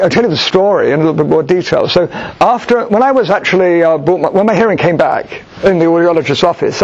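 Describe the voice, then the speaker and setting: A middle-aged man answering an audience question with a personal story, thoughtful and halting, with frequent restarts. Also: on the high side. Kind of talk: storytelling Q&A talk. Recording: dull lo-fi recording.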